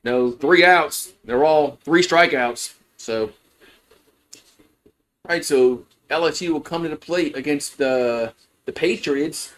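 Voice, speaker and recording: A man's voice: fairly high pitch, slow, a bit bright. A man giving casual, rambling play-by-play of a college baseball game on a livestream, full of fillers and restarts. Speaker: fan play-by-play host.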